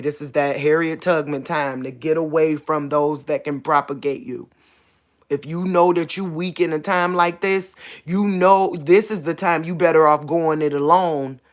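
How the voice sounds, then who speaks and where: "Real talk" and "you get what I'm saying" recur as a woman who preaches online gives an informal sermon straight into the camera. Her voice rises high and hard for emphasis and drops at times to a soft murmur full of emotion.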